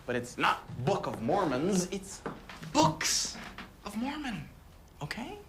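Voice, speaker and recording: A fussy, self-important young missionary. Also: male voice, sits high, sing-song, normal speed, a bit bright, slight background noise. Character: bossy, fussy young male missionary on a power trip. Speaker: missionary in a film.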